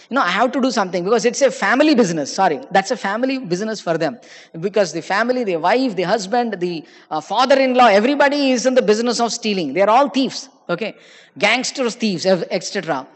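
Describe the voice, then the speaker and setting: A man's voice: high voice, lively intonation, fairly quick. A man giving a storytelling sermon at a temple Sunday program. He acts out his characters' lines and often checks in with his listeners. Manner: tells anecdotes, acting out characters' lines and often checking in with "okay?". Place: temple hall. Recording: long reverb of a large hall.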